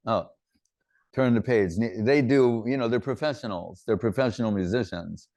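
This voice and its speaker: A man with a fairly low voice gives an informal religious talk. He wanders between teaching and loose personal stories in a conversational, anecdotal way. The sound is dry and close, with no room echo. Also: moderate pace, darkish tone. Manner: rambling, anecdotal storytelling. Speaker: spiritual teacher giving a talk.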